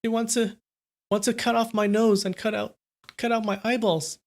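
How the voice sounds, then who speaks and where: A terrified teenage boy begs for his life in a high, trembling voice, as a man reading the story puts him on. He stammers and repeats himself, frightened and pleading. It comes across as storybook narration read aloud. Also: flat delivery, normal speed.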